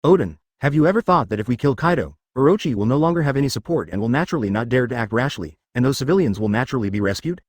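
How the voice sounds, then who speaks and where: A man's voice: mid-range voice, expressive, rapid-fire, hardly any pauses, a little mellow, dry recording, studio quality, natural voice. A man voicing a hot-tempered young male pirate who curses and talks cocky, in a fan fiction reading. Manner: cocky and cursing.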